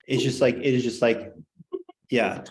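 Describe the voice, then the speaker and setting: Male teacher, mid-pitched voice, loose rambling classroom talk full of "like" and jokes. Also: a little slow, poor audio. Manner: rambling, joking, heavy on fillers. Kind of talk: casual classroom lecture.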